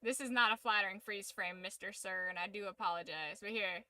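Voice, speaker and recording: A woman's voice: mid-range voice, a little fast, sharp tone, dry recording. A woman streamer giving casual reaction commentary, muttering asides and swearing casually.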